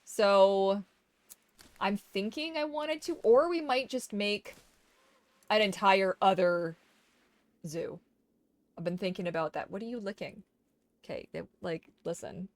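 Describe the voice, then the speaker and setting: A woman's voice: mid-range voice, unhurried, pauses often, no room sound. Woman streamer cooing at her dog. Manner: doting baby talk to her dog between game remarks. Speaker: gaming streamer. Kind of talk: casual gameplay chat.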